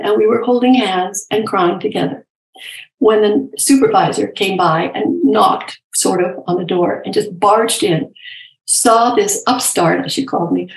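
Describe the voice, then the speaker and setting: Older woman, gentle reflective storyteller, roomy. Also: mid-range voice. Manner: candid, gentle, anecdotal. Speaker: guest, palliative care nurse and professor.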